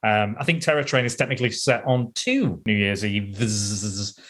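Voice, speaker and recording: A man's voice: lowish voice, moderate pace, fairly bright tone. A man hosting a casual podcast, recapping films in a rambling way with frequent laughs and restarts. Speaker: podcast host.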